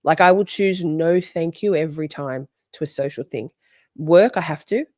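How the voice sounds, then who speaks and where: A woman's voice: sits low, moderate pace, a little mellow, dry recording, clean studio sound. A woman hosting a casual livestream, reading out chat in a playful way and swearing freely.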